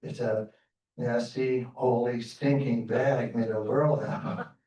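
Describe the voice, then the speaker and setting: A man's voice: medium pitch, steady tone, takes it slowly, mellow, voice pushed down, lightly acted. Man doing plainspoken jack-type fellow, folksy, heard from far off in an echoey room. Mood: plain. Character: Jack, kind simple young man, plainspoken. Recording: roomy theater sound from far off.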